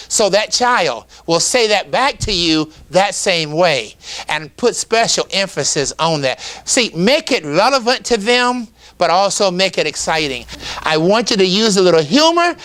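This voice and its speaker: A middle-aged man, a teacher trainer, giving an exuberant, emphatic talk to camera with hums and drawn-out words. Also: high voice, pushed and bright.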